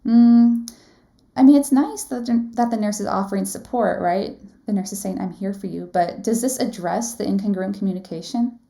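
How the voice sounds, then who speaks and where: In a live teaching webinar, a woman who instructs nursing exam students talks at a moderate pace in a warm, mid-range voice with some vocal fry. She's conversational, regularly asking questions and checking in with "right?"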